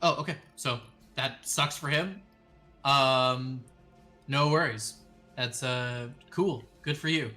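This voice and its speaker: A man's voice: mid-range voice, takes it slowly, pushed and bright, soft background music. A man running a tabletop game as game master, casual and swearing, with many ums.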